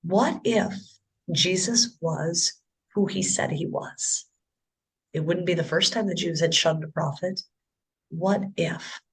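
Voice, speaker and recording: A woman's voice: on the low side, takes it slowly, slightly rough. Earnest woman sharing a faith testimony. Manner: earnest and emotional, with repetitions and restarts. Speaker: interview guest. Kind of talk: personal conversion testimony.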